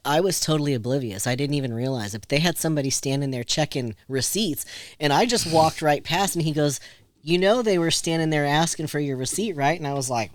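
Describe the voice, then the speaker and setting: A man's voice: fairly high pitch, a little fast, no echo. A man in a casual chat who chimes in with short, wry remarks.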